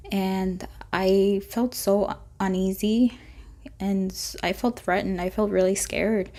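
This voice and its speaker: A woman chatting through a storytime vlog with a gravelly, fry-heavy voice. Her tone is mellow and dark, with little rise and fall. She rambles on and acts out little bits of dialogue. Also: mid-range voice, fairly even intonation, slow pace. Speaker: vlogger.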